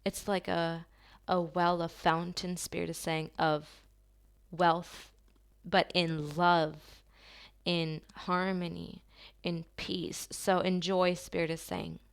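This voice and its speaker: Soft-spoken woman reading tarot, gravelly fry. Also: fairly low pitch, level tone. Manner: soft, slow and affirming, with drawn-out pauses. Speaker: medium giving a tarot reading. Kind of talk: channeled tarot reading to camera.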